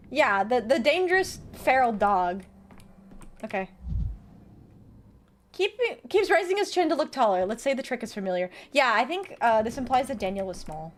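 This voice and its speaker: Woman, streamer, high voice, very lively pitch, playful gameplay commentary. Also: slight background noise. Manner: chatty and playful, reads game text aloud and reacts.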